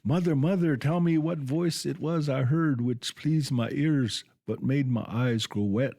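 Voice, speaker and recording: A man's voice: mid-range voice, measured pace, dark tone, lightly acted. A man voicing a wild young boy raised by a toad, longing and impatient, speaking in a raised, pleading voice in a storybook reading on radio.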